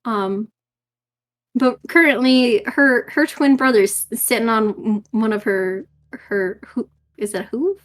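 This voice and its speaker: Woman player, a bit high, giggly and unsure, casual table chat. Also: takes it slowly. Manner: giggly, self-conscious, hesitant with restarts.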